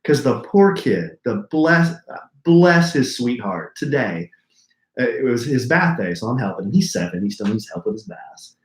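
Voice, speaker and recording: Male co-host, mid pitch, lively expressive storytelling, roomy echoey room. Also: moderate pace. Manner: animated storyteller, acts out quotes. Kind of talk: casual chat. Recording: roomy echo.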